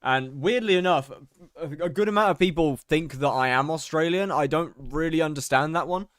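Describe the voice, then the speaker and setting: A man's voice: fairly high pitch, normal speed, a bit bright, no room sound, clean studio sound. A young British man chatting casually on a live stream while gaming, rambling and mocking himself as he reads out chat.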